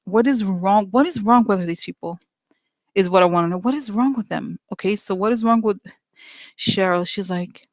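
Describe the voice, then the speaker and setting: A chatty vlogger rants at viewers with open exasperation, stumbling through fillers and restarts. The voice sits in a middle pitch. It is recorded close and dry, with no room sound. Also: moderate pace, dry recording. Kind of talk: casual opinion rant to viewers.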